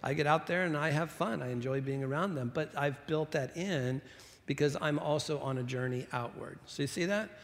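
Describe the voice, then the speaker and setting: A man's voice: fairly high pitch, moderate pace, long reverb tail. A middle-aged man preaching a sermon to his congregation in a chatty, self-deprecating way, with restarts and asides. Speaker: pastor. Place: church sanctuary.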